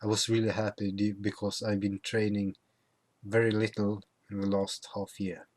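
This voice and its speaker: A man's voice: lowish voice, completely flat delivery, moderate pace, a little mellow. A young man who is not a native English speaker, chatting casually through a travel vlog, with many fillers and restarts. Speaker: vlogger.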